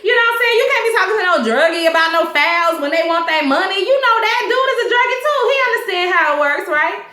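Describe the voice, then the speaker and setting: A woman casually recapping a TV episode, slangy and animated, laughing and acting out the characters' lines. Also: extremely high pitch, fast. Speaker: TV episode reviewer. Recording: echoey room.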